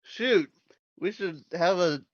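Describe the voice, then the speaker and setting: A man's voice: high voice, slow pace, dry recording, lo-fi sound. A man co-hosting a casual sports talk show, speaking in a wry, hesitant way with fillers and self-corrections. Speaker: sports podcast co-host.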